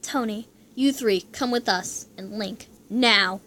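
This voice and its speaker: A woman's voice: mid-range voice, slow pace, bright, forceful tone, slight background noise. A woman voicing a cold, menacing older male general who speaks in stern commands.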